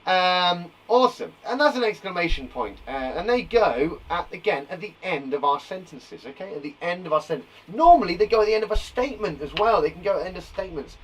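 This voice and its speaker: A man's voice: high voice, lively intonation, brisk, hardly any pauses, slightly rough, distant mic, rough recording. Upbeat man teaching young children. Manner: upbeat, playful, exaggerated sound effects. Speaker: primary school teacher. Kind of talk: live online lesson for young children. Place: small garden shed.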